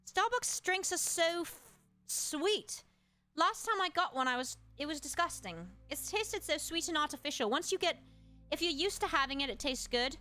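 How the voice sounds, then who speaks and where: Woman, streamer host, casual chat, musing asides, high pitch, sharp bright tone. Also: animated. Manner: chatty, musing aloud with quick asides. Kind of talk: casual livestream chat, reading aloud and answering chat.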